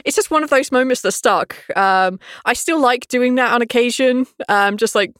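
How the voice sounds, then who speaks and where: A woman's voice: fairly high pitch, moderate pace, a bit bright, clear, resonant tone, no room sound. Woman dm rambling on a podcast, swears a lot, laughs, dead dry close mic. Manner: frank, swears freely, laughs often. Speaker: dungeon master. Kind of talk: casual podcast chat.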